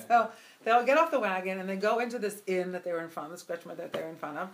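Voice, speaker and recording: A woman's voice: medium pitch, fast talker. Chatty woman telling a story. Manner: animated, chatty, with fillers and asides. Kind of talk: spoken Hasidic storytelling. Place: event gathering.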